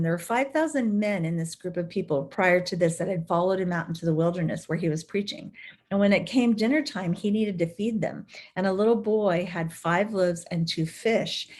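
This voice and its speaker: A woman leading a devotional Bible study with an animated, storytelling delivery. She keeps the passages lively as she explains them, and her voice sits at a middle pitch.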